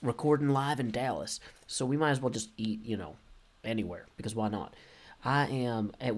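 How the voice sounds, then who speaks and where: Male gaming host, casual, jokey, wanders off topic, middle pitch. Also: a little mellow. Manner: rambling, goofy, punning, self-correcting. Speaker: game video host. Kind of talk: casual gameplay commentary. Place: relatives' home while traveling.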